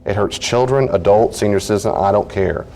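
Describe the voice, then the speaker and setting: A man's voice: on the low side, a little fast, creaky, darkish tone. A middle-aged man, a counselor teaching a study group, talking earnestly and acting out everyday conversations.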